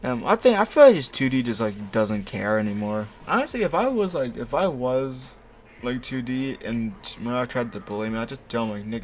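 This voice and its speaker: A man's voice: mid-range voice, big pitch swings, moderate pace, a little hiss or hum. A young man reading fanfiction aloud in a casual chat, sarcastic and stumbling over words.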